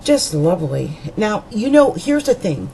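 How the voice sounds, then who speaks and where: A woman's voice: medium pitch, very animated, unhurried, gravelly, warm tone, slight background noise, poor audio. A woman astrologer giving a monthly horoscope reading in a chatty, meandering way, with frequent fillers and restarts.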